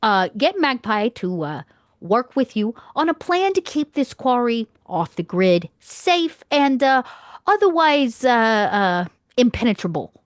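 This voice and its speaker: Brash, lively woman swearing in character. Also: on the high side, unhurried, no room sound, studio quality. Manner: brash and profane, with stammered restarts. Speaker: tabletop role-play player. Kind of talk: in-character tabletop role-play.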